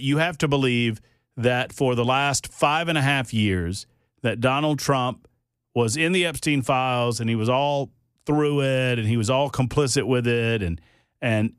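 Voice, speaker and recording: Rambling joking talk radio host. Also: male voice, mid-range voice, smooth, no echo, clean studio sound. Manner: rambling, joking, many fillers and restarts. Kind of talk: casual talk radio banter. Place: radio studio.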